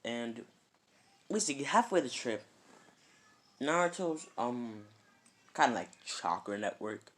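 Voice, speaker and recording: A man's voice: mid-range voice, animated, a little slow, pauses often, fairly bright tone. A man casually telling a made-up fan story, rambling and filling it with "kinda" and "like".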